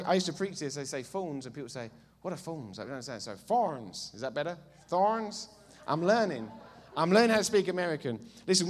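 Animated Essex preacher man. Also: mid-range voice. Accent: Essex English. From England. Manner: animated, jokey asides, rising to loud bursts. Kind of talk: sermon.

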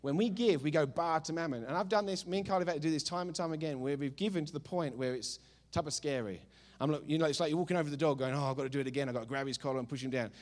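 A male pastor preaching a sermon, telling a funny story with emphatic, animated delivery. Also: medium pitch.

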